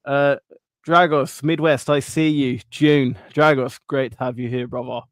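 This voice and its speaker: A man's voice: mid-range voice, fairly even intonation, measured pace, no room sound. A man hosting a casual livestream, upbeat and jokey, greeting viewers by name and reading their comments. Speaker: livestream host reading chat.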